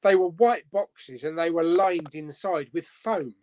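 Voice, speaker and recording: A man's voice: on the high side, unhurried, darkish tone, slight background noise. A man hosting a casual live-stream chat, bantering and swearing casually. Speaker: host.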